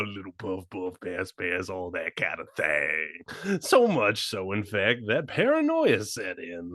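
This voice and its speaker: A man's voice: on the low side, fairly bright tone, no echo, clean studio sound. A man co-hosting a casual comedy podcast, joking crudely. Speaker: podcast co-host.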